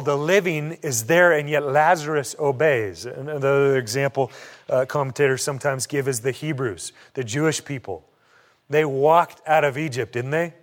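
A man preaching a sermon, emphatic, repeating short phrases for stress and putting rhetorical questions to his congregation. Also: mid-range voice. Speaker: pastor.

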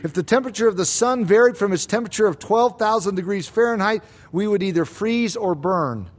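A man preaching an expository sermon, emphatic and slowing down on key claims, with rhetorical questions to the congregation. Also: sits high. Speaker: pastor.

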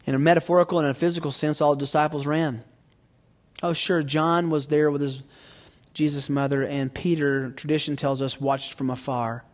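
A man preaching a sermon, swinging from hushed near-whispers to loud emphatic peaks and asking the audience rhetorical questions. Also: on the high side, fairly even intonation, moderate pace.

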